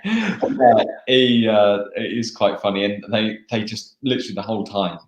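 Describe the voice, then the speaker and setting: A young English man, a motocross racer, chatting casually in a live interview, laughing and pausing on fillers. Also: on the low side, animated. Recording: echoey room.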